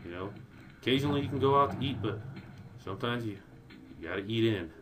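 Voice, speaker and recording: An excitable man chatting through a strategy game as he plays, his mid-pitched voice leaping up in panic. Clear game music plays behind him the whole time. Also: fast talker. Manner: excitable, voice jumps high when panicking; talks directly to viewers. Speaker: let's play commentator. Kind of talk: casual gameplay commentary.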